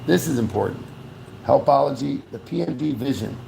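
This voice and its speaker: A man with a heavily gravelly, creaky voice vlogs in a loose, rambling way. He is blunt and keeps correcting himself. The room around him sounds echoey, with faint noise behind him. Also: mid-range voice, animated, normal speed, dark tone. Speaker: vlogger. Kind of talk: rambling casual vlog.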